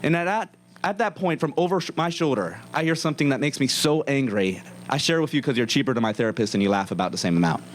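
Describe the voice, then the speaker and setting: A young man telling a comic story to a live audience in a comedy club, wry and deadpan sarcastic. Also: mid-range voice, quick pace, background noise.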